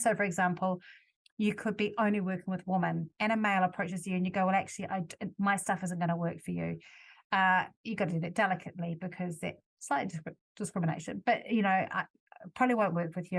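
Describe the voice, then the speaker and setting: A woman's voice: fairly low pitch, gravelly. Woman hosting a chatty solo podcast. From New Zealand. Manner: conversational, self-correcting, gives examples. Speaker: podcast host.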